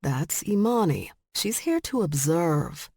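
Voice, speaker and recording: A woman's voice: fairly low pitch, sing-song, slow pace, darkish tone, no echo, studio quality, full character voice. A woman narrator voicing a composed young male lion shifter, speaking in a patient, formal way.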